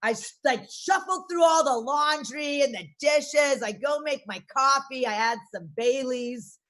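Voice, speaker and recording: A woman's voice: sits high, measured pace, fairly bright tone. A woman in her forties doing brash, self-mocking, profane stand-up comedy from her garage over a video call. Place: home garage.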